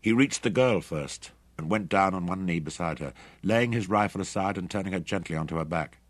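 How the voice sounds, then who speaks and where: A man narrating an adventure audiobook in a dramatic, expressive reading. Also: low-pitched, fairly quick, no room sound. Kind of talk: scripted narration.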